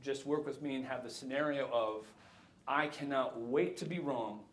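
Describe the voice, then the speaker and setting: A man in his fifties giving a jokey, animated keynote talk to a live audience. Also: medium pitch, moderate pace, a little hiss or hum. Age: 50s. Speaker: keynote speaker. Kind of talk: conference talk. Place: lecture hall. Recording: echoey hall.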